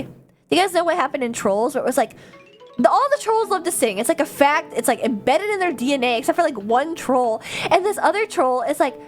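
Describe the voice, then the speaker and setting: A young adult woman chatting casually as a livestreamer, answering viewers' comments in an animated, chatty way with frequent laughter and casual swearing. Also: high voice.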